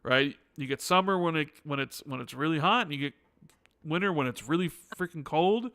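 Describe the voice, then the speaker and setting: Gravelly, bright-voiced podcast host. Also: male voice, a little high, animated, a little fast, no echo. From United States. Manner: joking, sarcastic, with frequent restarts. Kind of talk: casual chat.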